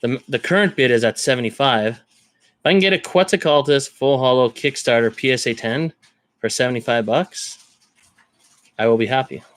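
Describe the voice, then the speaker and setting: A man from Canada talks casually on a live stream, rambling and thinking aloud as he goes. His voice sits in a middle pitch. The sound is dry and close, with no room around it. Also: normal speed, a bit bright, no echo. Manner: rambling, thinks aloud while browsing listings. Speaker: card collector streamer.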